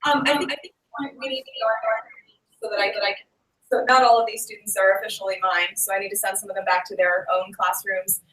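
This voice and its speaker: Casting: woman teacher, mid pitch, heard from across an echoey classroom. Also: fairly even intonation, brisk, a bit bright, distant mic. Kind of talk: wrapping up a class session.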